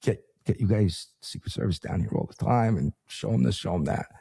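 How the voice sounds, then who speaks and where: A man's voice: on the low side, expressive, brisk, creaky, warm tone, husky, heavily acted. A man voicing a friendly, bubbly young woman who gushes cheerfully. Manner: cheerful and gushing.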